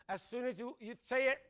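A man's voice: very high voice, fairly bright tone. A man preaching a sermon in a conversational way, asking the congregation questions and laughing at his own jokes.

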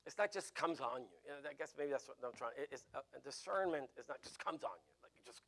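A man's voice: medium pitch, animated, fast, fairly bright tone. A man preaching an informal teaching sermon, conversational, with frequent restarts and "right?" asides. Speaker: pastor teaching a Bible class.

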